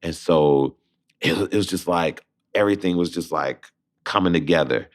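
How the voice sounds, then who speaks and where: A young adult man from Detroit, a Broadway actor with a deep bass voice, telling a lively story as a guest and acting out both sides of the phone calls he describes. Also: moderate pace. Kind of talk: animated storytelling in conversation.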